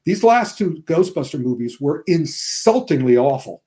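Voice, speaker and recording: Older male regular guest, chatty film storyteller, voice a bit on the high side. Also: normal speed. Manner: animated storyteller, acts out quotes in different voices. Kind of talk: casual podcast chat.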